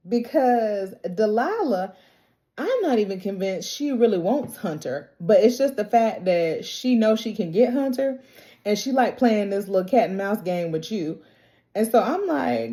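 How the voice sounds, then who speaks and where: Chatty woman with a mellow voice. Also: mid-range voice, lively intonation. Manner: chatty and slangy, quotes characters in quick impressions; laughs often, talks straight to the characters. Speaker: TV recap vlogger. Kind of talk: casual TV episode recap.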